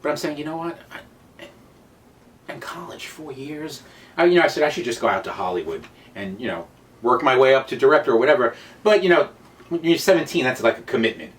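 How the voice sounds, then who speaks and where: A man from Brooklyn talks fast and tells stories in a casual chat. His pitch swings widely and he packs in fillers. He sits a little back from the microphone. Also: recorded from a distance, slight background noise. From Brooklyn, New York. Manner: fast, animated, lots of fillers. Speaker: guest comedian. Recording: voice a bit off-mic.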